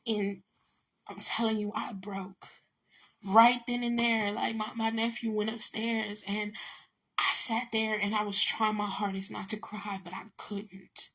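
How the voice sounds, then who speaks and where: A woman's voice: medium pitch, level tone, unhurried, fairly bright tone. Blunt, emotional woman telling her story. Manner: blunt, emotional, swears freely, repeats words. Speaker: vlogger telling a personal story. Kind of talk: casual storytelling to camera.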